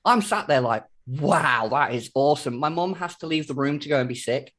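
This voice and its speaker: A man's voice: on the high side, expressive, fast talker, fairly bright tone. A man chats casually as an interview guest. He tells his stories freely and laughs often. The sound comes through a video call. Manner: chatty storyteller, laughs often.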